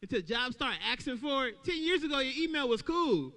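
A man doing a stand-up comedy set at an open mic, talking loudly and playing out little voices for the crowd. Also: very high voice, fairly quick. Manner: loud, animated crowd work with acted-out voices.

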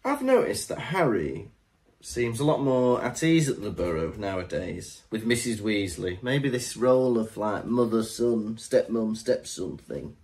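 A man co-hosting a casual podcast, his pitch moving around a lot as he talks. He drops wry asides and laughs easily. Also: sing-song, unhurried, darkish tone. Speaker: podcast co-host. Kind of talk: casual chat.

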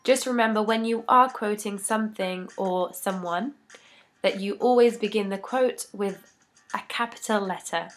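A woman giving a scripted English grammar lesson, reading each rule and example in a measured, deliberate way. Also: mid-range voice. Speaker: English teacher.

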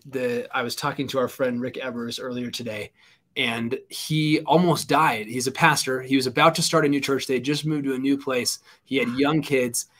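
A man's voice: medium pitch, fairly bright tone. A man co-hosting a radio interview, earnestly telling a story. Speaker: radio show co-host.

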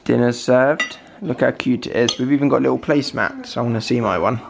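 A man's voice: mid-range voice, a little fast, creaky, a little hiss or hum. Lispy young man vlogging. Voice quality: lispy from dental braces. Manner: chatty, rambling, friendly storytelling. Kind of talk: casual vlog chat to camera.

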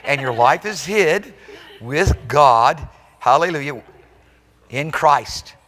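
A man's voice: on the high side, expressive, slow pace, long reverb tail. Emphatic male pastor preaching a sermon. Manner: emphatic preaching, swinging between loud exclamations and soft intimate asides; rhetorical check-ins with the congregation. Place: church sanctuary during a live service.

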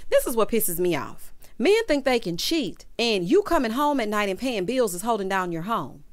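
Woman recap vlogger, high-ish animated voice, sassy casual commentary. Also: moderate pace. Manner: animated, calls listeners honey and child.

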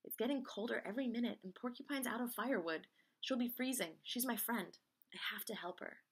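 A woman's voice: on the high side, animated, normal speed, bright, forceful tone, exaggerated voice. A woman voicing a stubborn, grumpy female badger in a storybook, speaking bluntly and with emphasis. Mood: worried.

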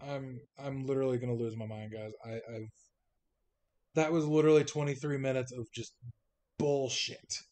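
A man's voice: mid-range voice, steady tone, normal speed, a little hiss or hum. A young man commentating his gameplay, exasperated and swearing constantly. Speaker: gaming streamer. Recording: loud game music behind. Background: loud game music.

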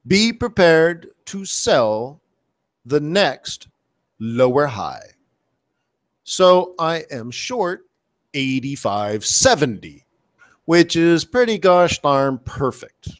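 Trading coach, male, slightly high voice, excitable, slangy, talking over a webcam stream. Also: extremely slow. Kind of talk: live trading commentary. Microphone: webcam setup.

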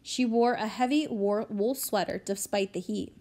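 A woman narrating a short story audiobook in a steady, even manner. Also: medium pitch, moderate pace.

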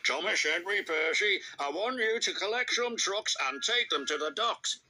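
A man's voice: high voice, animated, normal speed, sharp tone, a little hiss or hum, pitched above the performer's own voice, exaggerated voice. A man voicing a stern, commanding male railway boss in a storybook reading.

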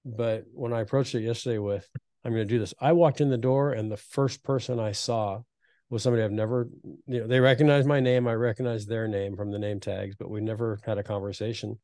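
A man in his fifties hosting a podcast, telling reflective, earnest stories in a relaxed conversational way. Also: on the low side, fairly quick, no room sound. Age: 50s. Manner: reflective, earnest storytelling with frequent restarts. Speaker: podcast host.

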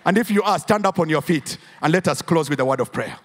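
A man's voice: fairly high pitch, expressive, fast. A man with a Ugandan English accent preaching a sermon in church, drawing call-and-response from the congregation and rising into sing-song emphasis. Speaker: pastor.

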